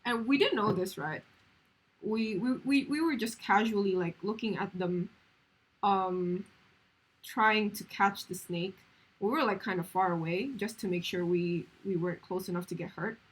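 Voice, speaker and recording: This is a woman's husky voice, slightly rough and never quite clear. She is a streamer in casual chat, telling her viewers a story in a rambling way with plenty of fillers. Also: medium pitch, normal speed, rough recording.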